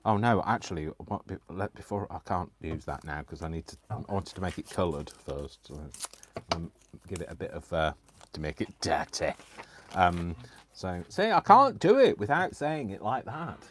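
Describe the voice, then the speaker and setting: A man's voice: low voice, very animated, moderate pace. Chatty, giggly man hosting a craft stream. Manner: chatty, giggly, self-deprecating. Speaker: craft livestream host. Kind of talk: casual chat while crafting.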